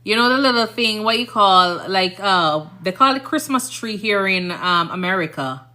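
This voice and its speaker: Chatty Jamaican woman with a bright voice. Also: mid-range voice, expressive, normal speed. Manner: chatty, rambling, often asks "you understand?". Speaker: nurse and livestream host. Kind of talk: casual livestream chat.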